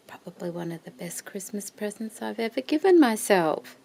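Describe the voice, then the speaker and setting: A woman craft vlogger showing off her purchases in a casual show-and-tell, gushing with admiration and often dropping into a soft whisper. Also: mid-range voice, lively intonation, moderate pace, gravelly, few pauses.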